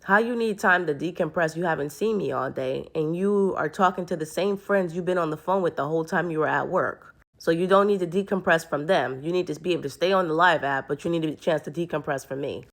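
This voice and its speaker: A woman's voice: low voice, brisk, hardly any pauses. A woman telling a personal story to camera in an earnest, rambling way, often restarting her sentences. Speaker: vlogger.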